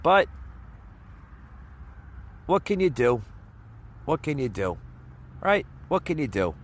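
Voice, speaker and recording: A man's voice: mid-range voice, big pitch swings, slow pace. A man hosting his own podcast, giving casual political commentary with a rambling, stumbling delivery, stopping to laugh and to scoff. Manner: scoffing, opinionated. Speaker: podcast host. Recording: faint traffic noise behind. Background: faint car noise passing by.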